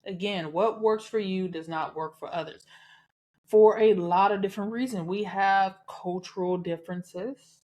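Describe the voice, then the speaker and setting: A woman's voice: mid-range voice, steady tone, a little slow, a little mellow. A woman from the American South with a Southern accent, hosting a solo podcast in a candid, chatty way, cussing and laughing freely. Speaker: podcast host. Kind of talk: casual solo podcast talk.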